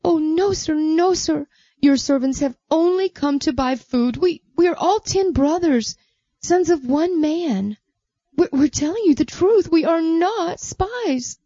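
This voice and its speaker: A woman's voice: extremely high pitch, lively intonation, a little slow, dark tone, no room sound, lo-fi sound, pitched above the performer's own voice, heavily acted. A woman voicing frightened grown brothers who stammer and plead in a storybook reading.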